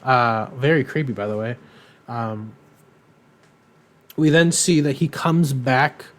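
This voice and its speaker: A man's voice: medium pitch, takes it slowly. A man co-hosting a podcast, recapping a cartoon in a casual, rambling way, with lots of ums and irreverent asides. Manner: rambling, filler-heavy, irreverent; acts out characters' lines in quotes. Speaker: podcast co-host.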